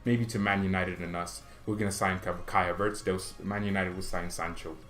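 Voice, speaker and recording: A young man hosting a fan channel, giving a rambling, opinionated football monologue in an animated way. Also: low-pitched, a little fast, music in the background. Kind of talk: casual football commentary monologue.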